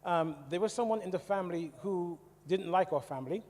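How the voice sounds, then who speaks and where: Man from the West Indies telling his story to a congregation in a chatty way; warm, somewhat high voice in a hall with long reverb. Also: fairly quick. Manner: conversational, asks the audience questions. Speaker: church speaker. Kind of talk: testimony talk to a congregation. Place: church hall.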